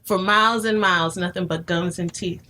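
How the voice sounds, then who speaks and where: A woman's voice: on the low side, fairly even intonation, moderate pace, pushed and bright, slight background noise. A woman from New Jersey performing an emotional spoken-word poem, with a rhythmic, emphatic delivery that keeps returning to "see". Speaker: guest poet.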